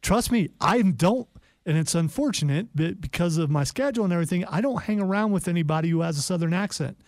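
A man's voice: high voice, animated, quick pace, dry recording. A man from Ohio co-hosting a sports radio show, teasing his partner in casual chat. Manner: teasing, matter-of-fact. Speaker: radio co-host.

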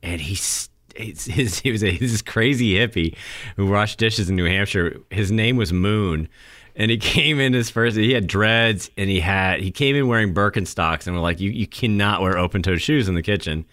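A middle-aged man co-hosting a casual radio chat, animated, laughing often and acting out quotes. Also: lowish voice, normal speed. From northeastern US. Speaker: radio show co-host.

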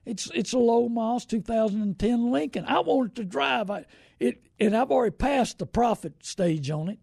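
A man's voice: very high voice, lively intonation, normal speed, creaky, darkish tone, no room sound, clean studio sound. A middle-aged man, hosting a car-buying show in a casual, rambling, folksy way and greeting viewers by name. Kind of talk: casual live-stream talk.

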